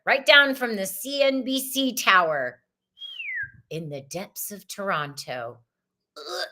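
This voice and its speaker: A woman with a Southern US accent hosting a casual spiritual livestream, bubbly and effusive, with laughs and sudden swings in pitch. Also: animated, slow, fairly bright tone. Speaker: host.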